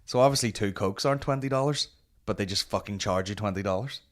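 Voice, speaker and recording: A Northern Irish man hosting a comedy podcast, telling stories in a sweary, animated way. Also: fairly low pitch, fast talker. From Northern Ireland. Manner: sweary, animated storytelling with put-on voices. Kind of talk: casual chat.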